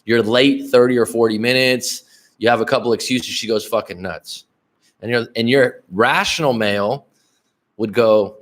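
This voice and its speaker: A man's voice: mid-range voice, normal speed. A middle-aged man coaching on dating in a casual livestream, blunt and profane, rambling with restarts and talking straight to viewers in the chat.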